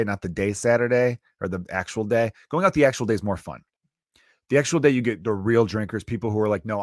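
A man's voice: fairly low pitch, no room sound. Profane ranting man, dry sound. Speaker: podcast host. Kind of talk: casual solo rant.

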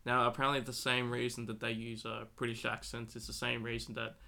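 A man in a casual movie commentary chat, eager and quick to agree. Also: medium pitch, completely flat delivery, creaky, bright, forceful tone.

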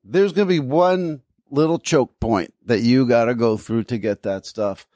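A man in loose, casual podcast chat, spinning long anecdotes and slipping into the voices of the people he quotes. His voice sits at a middling pitch. The sound is dry and close, with no room around it. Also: a little slow, darkish tone, no room sound. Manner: rambling storyteller, acts out quoted people. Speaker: podcast co-host.

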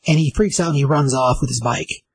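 A man's voice: mid-range voice, brisk, husky, low-quality recording. A man casually recapping and reviewing a comic book issue, rambling with many fillers. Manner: rambling, filler-heavy retelling.

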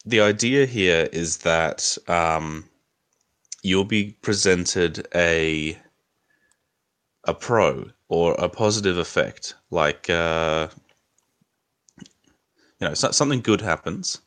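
Young man, very low voice, hesitant, podcast host in casual chat. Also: slow, pauses often, a bit bright. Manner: hesitant, many fillers and restarts.

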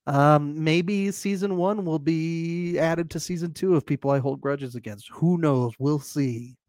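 A man's voice: fairly high pitch, unhurried, darkish tone, no echo, studio quality. A man co-hosting a podcast in casual chat, easygoing and agreeable, chuckling often. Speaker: podcast co-host.

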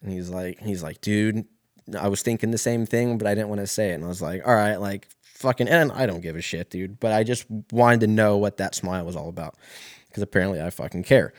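Casting: young man, lowish voice, rambling and profane, dry close recording. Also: a little fast, no room sound. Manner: profane rambling, frequent fillers and restarts. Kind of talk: casual storytelling monologue.

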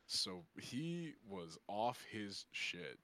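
A man's voice: lowish voice, big pitch swings, very slow, bright, forceful tone. A young man co-hosting a podcast, telling stories in casual, rambling chat, swearing a lot and laughing often. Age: young adult. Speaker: podcast co-host.

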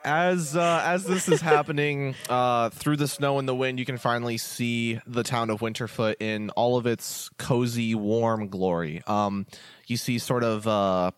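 A man running a tabletop game as game master, describing the scene in a relaxed, rambling way with many fillers. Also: medium pitch, a little slow, clear, resonant tone, no room sound. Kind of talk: improvised tabletop game narration.

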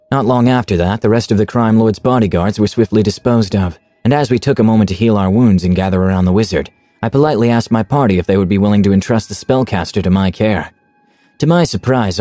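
Male narrator with a warm, low delivery for a dramatic first-person tabletop story recap. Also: dry recording.

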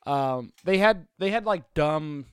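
A man with a high voice that swoops around freely, smooth and clear, trades jokes and trivia with his co-host. He laughs often, and the recording is dry and close. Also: animated, slow pace, no room sound. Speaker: podcast co-host. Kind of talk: casual chat, reviewing a movie.

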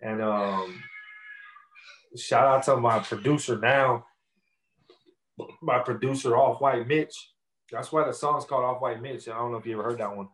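A man's voice: mid-range voice, normal speed, pauses often, a bit bright, poor audio. A young man, a rapper, telling his story in a casual interview in loose street slang full of fillers.

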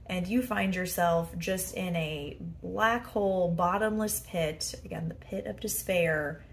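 A woman's voice: on the low side, a little slow. A woman hosting a solo podcast from her bedroom as a head coach, chatty and self-deprecating, with many fillers. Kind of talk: casual solo podcast monologue.

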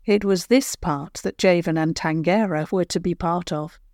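An older woman, the regular storyteller of the show, reading a children's bedtime tale in a gentle, measured way. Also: lowish voice, no echo, clean studio sound. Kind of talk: scripted children's story narration.

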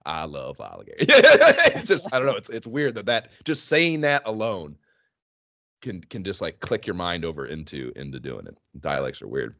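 Low voiced guy rambling about an old game, really lively, swears a lot, dry close mic. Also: normal speed, dry recording. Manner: animated, laughing, swearing freely. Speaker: podcast co-host. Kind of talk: casual gaming chat.

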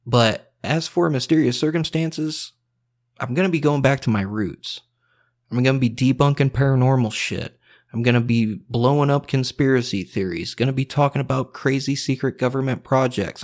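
A man's voice: medium pitch, moderate pace. A man hosting a podcast, talking bluntly in a heated, profane, unscripted rant. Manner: heated, blunt and swearing constantly. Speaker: podcast host.

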